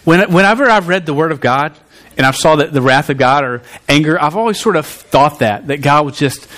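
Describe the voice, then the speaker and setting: A man preaching a sermon, talking to the congregation in an animated, conversational way with frequent restarts. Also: fairly high pitch, fairly quick.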